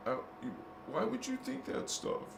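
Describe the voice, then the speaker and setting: A man's voice: extremely high pitch, sing-song, moderate pace, vocal fry. A man hosting a spiritual video channel, talking in a casual, joking way with crude slang and laughing at his own jokes. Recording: roomy echo with faint noise.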